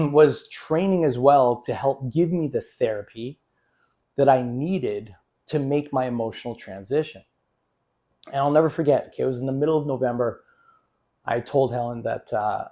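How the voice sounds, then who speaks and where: Guy in his office telling a personal story to camera, earnest and halting, mellow warm tone. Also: mid-range voice. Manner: earnest, halting, with frequent restarts and repeated words. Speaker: emotional therapy consultant.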